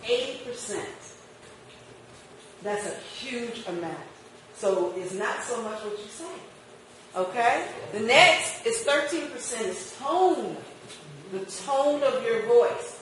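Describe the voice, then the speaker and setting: Fairly high voiced woman lecturing a class, quizzes the room, recorded far off in a big echoey room. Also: slow pace, slight background noise. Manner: lively, questions the class and acts out customer exchanges. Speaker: marketing instructor. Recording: echoey room picked up from a distance.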